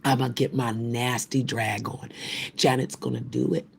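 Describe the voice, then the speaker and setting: A woman's voice: extremely low pitch, little pitch movement, unhurried, creaky, darkish tone, slight background noise. An older woman hosting a live stream, ranting in a profane, rambling, trash-talking way. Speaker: livestream host.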